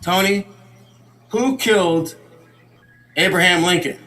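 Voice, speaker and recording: A man's voice: sits high, slow pace, sharp tone, faint music behind, full character voice. A man putting on the voice of a stern male judge questioning a witness.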